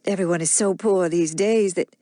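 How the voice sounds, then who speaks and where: Woman voicing an earnest, flustered gentle young wife. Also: on the low side, moderate pace, dry recording, clean studio sound, close to an everyday voice. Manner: earnest, eager, easily flustered.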